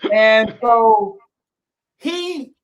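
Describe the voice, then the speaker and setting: High-voiced man telling stories. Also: drawn-out words, dull audio. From Saint Louis, USA. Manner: animated, tells anecdotes with lots of fillers. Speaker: interview guest. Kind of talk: casual storytelling chat.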